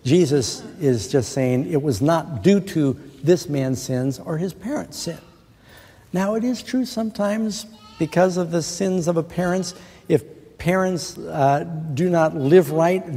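A man delivers a sermon in a warm, mellow voice that sits slightly high for a man. He preaches earnestly, poses rhetorical questions and slows down to quote scripture. A long reverb from the large hall trails his words. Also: slightly rough. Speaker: pastor.

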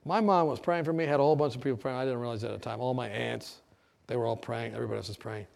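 A man preacher telling his testimony in a sermon, acting out dialogue and halting with fillers. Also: medium pitch, fairly even intonation, vocal fry, a little mellow.

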